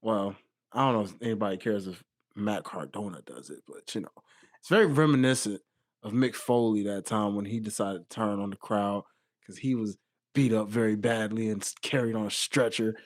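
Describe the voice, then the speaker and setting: A man co-hosting a podcast in casual chat, animated and quick to laugh, his voice trailing off low at the ends of phrases. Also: dry recording, clean studio sound. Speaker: podcast co-host.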